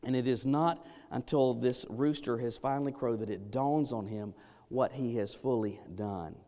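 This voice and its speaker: A male pastor delivers a sermon in an emphatic, dynamic way, sinking to near-hushed lines before building up to loud ones. His voice sits in an ordinary middle pitch for a man. The sound carries a long reverb from a church sanctuary. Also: normal speed.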